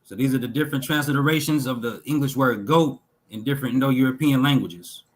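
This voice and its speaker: A man slowly reading lists of words aloud from a text, pausing between each item in a measured way. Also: medium pitch, rough recording. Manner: slow, measured reading with pauses between list items. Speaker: talk show host reading linguistic examples.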